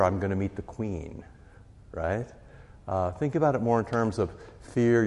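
Low-voiced pastor in a reverberant hall. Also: male voice, mellow. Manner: conversational, often asks "right?". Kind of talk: teaching a catechism class.

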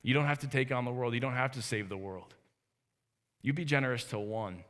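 A man's voice: medium pitch, a little fast, a bit bright. A man in his thirties giving an earnest, conversational sermon as a pastor in a church. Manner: earnest, conversational preaching with restarts. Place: church sanctuary. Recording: reverberant hall.

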